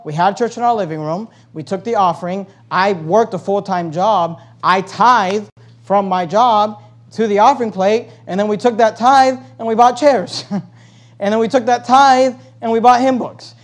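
A man preaching a sermon as pastor, reading scripture aloud and building to loud emphatic stretches. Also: high-pitched.

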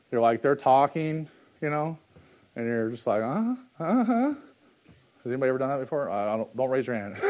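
A man preaching a sermon, reading scripture in old-fashioned wording, then talking plainly and with humour, dropping to low confiding talk and rising to loud exhortation. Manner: plain-spoken and joking, laughs at his own asides. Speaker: pastor.

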